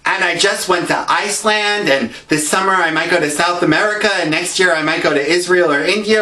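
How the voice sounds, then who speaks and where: Male web host, comic travel storyteller, animated and joking, higher register, echoey room. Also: normal speed, few pauses. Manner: joking, quip-filled, animated delivery. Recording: roomy echo with music behind.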